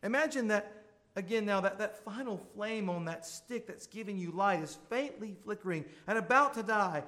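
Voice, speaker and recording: Man, pastor, sermon, earnest swells and soft asides, higher-pitched voice. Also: animated, moderate pace. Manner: earnest preaching with rising emphatic swells; drops to soft intimate asides.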